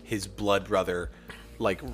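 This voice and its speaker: A man's voice: low-pitched, slow pace, slight background noise. A man co-hosting a podcast in casual chat, telling stories animatedly, swearing and acting out what others said. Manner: animated storyteller, swears, acts out quotes. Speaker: podcast co-host.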